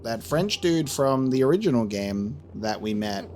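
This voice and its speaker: A man's voice: medium pitch, animated, measured pace, a little mellow, a little hiss or hum. A man giving casual, jokey, rambling commentary while playing a game. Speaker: let's play host.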